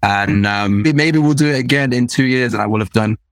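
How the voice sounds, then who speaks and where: Young man, Nottingham accent with London twang, self-mocking interview guest, mid pitch, dry close sound. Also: fairly quick, dry recording. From Nottingham, England. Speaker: guest, video creator. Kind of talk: casual interview chat.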